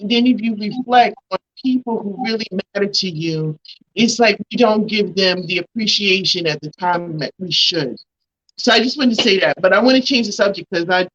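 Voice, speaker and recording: Emotional talk show hostess. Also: female voice, mid-range voice, a bit bright, dull audio. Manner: emotional, grateful, talks at length. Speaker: host.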